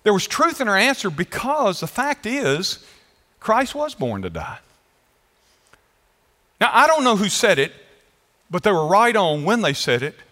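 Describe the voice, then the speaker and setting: A man's voice: sits high, big pitch swings, unhurried, long pauses, pushed and bright. A man preaching a sermon as pastor, emphatic, stretching out phrases and putting questions to his congregation. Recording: echoey hall.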